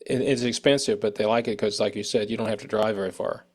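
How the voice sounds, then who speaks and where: A man's voice: on the low side, steady tone, fast, slightly rough. An American man hosting an interview, rambling casually and acting out quoted people. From United States. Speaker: show host.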